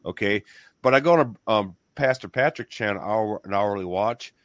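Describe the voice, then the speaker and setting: A man hosting a casual religious discussion, talking in an excited, emphatic, rambling way with many restarts. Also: fairly low pitch, moderate pace, no room sound, studio quality.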